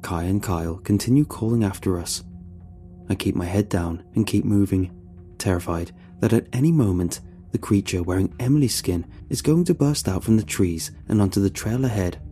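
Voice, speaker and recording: A man telling a first-person horror story in a tense, measured way. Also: lowish voice, mellow, soft background music.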